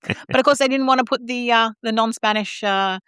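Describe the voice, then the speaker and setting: A middle-aged Australian woman co-hosting a podcast, telling backstage stories in an animated, blunt way. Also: fairly high pitch, a little fast, clear, resonant tone, dry recording, clean studio sound. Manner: animated storyteller, mimics voices, swears freely. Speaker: podcast co-host. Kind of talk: casual chat.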